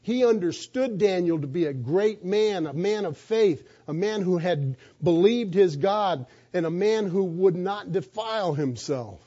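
A man's voice: sits high, expressive, a little slow, hardly any pauses, dark tone, muffled recording. A man preaching a sermon, retelling a scripture story with emphatic rhetorical questions.

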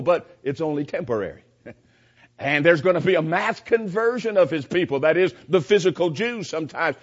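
A man giving a verse-by-verse Bible teaching, emphatic and repeating his key points. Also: fairly high pitch. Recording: dull lo-fi recording.

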